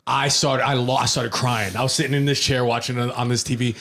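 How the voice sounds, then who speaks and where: A man's voice: medium pitch, a little fast. A man appearing as a guest on a podcast, retelling a story in casual chat, quoting characters with many fillers. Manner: animated retelling, quotes characters, hesitant fillers.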